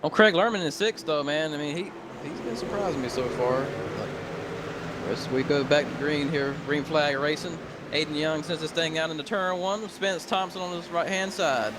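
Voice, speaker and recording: A man's voice: a little high, moderate pace, heavy background noise. A man with a Southern US accent giving easygoing, chatty color commentary on a sim racing broadcast.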